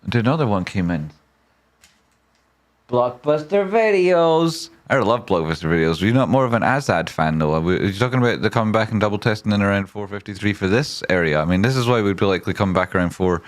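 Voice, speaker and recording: A man hosting a live trading stream, reading viewer messages aloud with excitable swearing and silly wordplay. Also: low voice, rapid-fire, few pauses. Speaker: trading livestream host.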